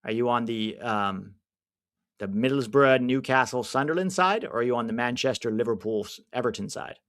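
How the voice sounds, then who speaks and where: With a mid-range voice at normal speed, an American man hosts a live football watch-along. He chats, takes on viewers' comments, and gets a jolt of excitement whenever a chance appears.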